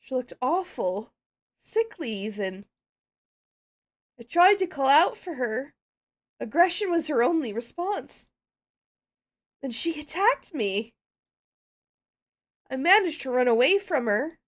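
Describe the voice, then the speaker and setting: Woman putting on a Southern US pony mare, frightened and pleading, slow earnest telling, high voice, game dub. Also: sing-song, full character voice. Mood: shaken.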